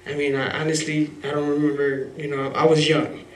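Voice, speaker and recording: A man's voice: fairly high pitch, flat delivery, brisk, a little hiss or hum. Rambling man telling a raw story. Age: adult father. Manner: rambling, heavy on "you know" fillers, profane; emotional, raw and earnest. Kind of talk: live personal storytelling. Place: live event venue. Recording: roomy hall from a distance.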